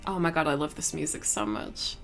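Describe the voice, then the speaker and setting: This young streamer has a deep voice and talks animatedly and a little fast, rambling through casual chat full of giggles and easy profanity, with faint game music underneath.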